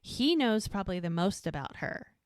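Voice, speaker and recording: A woman's voice: medium pitch, sing-song, normal speed, dry recording, studio quality. A woman co-hosting a casual podcast, retelling scenes and slipping into short quoted lines. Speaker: podcast co-host. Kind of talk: casual rewatch podcast chat.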